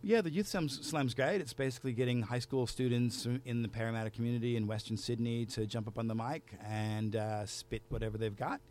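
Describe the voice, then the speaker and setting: A man's voice: medium pitch, fairly even intonation, fairly quick, few pauses, a little mellow. A man who is a spoken word poet, telling a story in a rhythmic, theatrical way in a radio studio.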